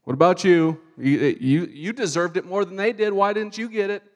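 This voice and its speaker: A man's voice: sits high, normal speed, lightly acted. A preacher in a long-echoing hall voicing a taunting male devil that nags and accuses. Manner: nagging, accusing.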